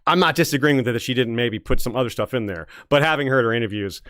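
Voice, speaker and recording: A man's voice: mid-range voice, fast talker, a bit bright, no room sound, clean studio sound. A man co-hosting a casual discussion show, rambling with restarts and frequent laughs. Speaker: podcast co-host.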